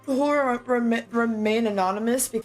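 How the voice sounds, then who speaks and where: High-voiced woman streamer, loud burps. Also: moderate pace. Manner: burps loudly and often, then apologizes; blunt, swears casually. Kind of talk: casual live-stream chat.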